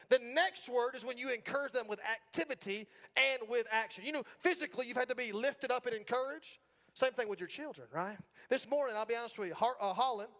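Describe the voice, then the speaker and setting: Preaching in a church sanctuary, this middle-aged Southern man from Georgia has a very high-pitched, slightly bright voice. His sermon is conversational and joking, and he often checks in with the congregation by asking "right?"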